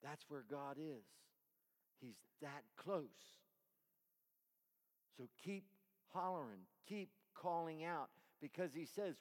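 A male pastor preaching a sermon, swinging from loud, emphatic calls down to soft near-whispers. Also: on the high side, animated, takes it slowly, long pauses. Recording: long reverb of a large hall.

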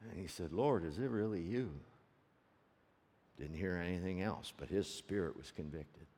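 A man preaching a sermon as a story, swinging from loud peaks to hushed low tones and asking the audience rhetorical questions. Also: normal speed, slightly rough. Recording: long reverb of a large hall.

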